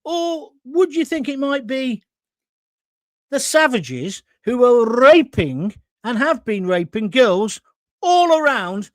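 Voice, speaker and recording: A man's voice: very high voice, very animated, slow pace, dry recording, clean studio sound. An older man hosting a live opinion show, reading out viewer comments and ranting with indignation and sarcasm. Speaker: host.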